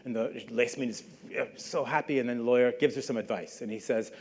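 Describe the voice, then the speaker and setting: A fast-talking middle-aged man with a medium-pitched, darkish voice gives a public lecture as a guest. He relates a story conversationally and briefly performs the voices of the people he quotes.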